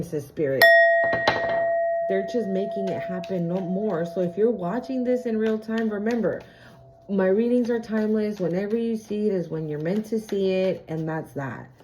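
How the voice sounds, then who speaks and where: A woman's voice: medium pitch, normal speed, dark tone, a little hiss or hum. Salty, laughing woman tarot reader. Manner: chatty and profane, laughs often. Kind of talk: casual spiritual reading.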